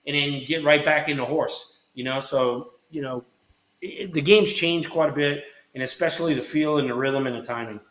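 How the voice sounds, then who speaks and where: A man's voice: on the high side, moderate pace, fairly bright tone. Blunt, cursing man in a roomy space. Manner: blunt, profane and rambling. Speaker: co-host, former hitter. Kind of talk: casual podcast chat. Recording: roomy echo.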